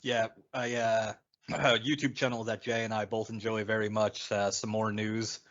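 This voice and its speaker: A man's voice: lowish voice, little pitch movement, normal speed, a bit bright. A man co-hosting a podcast, chatting in a laid-back, wry way while watching a movie. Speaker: podcast co-host. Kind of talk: casual chat over a movie. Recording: dull lo-fi sound.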